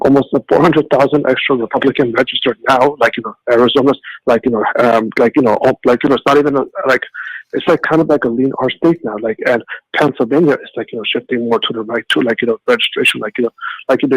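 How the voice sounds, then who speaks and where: A man's voice: mid-range voice, no room sound, low-quality recording. A man calling in to a radio show, rambling with constant "like, you know" fillers and stumbling restarts. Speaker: radio caller. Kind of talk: phone-in talk.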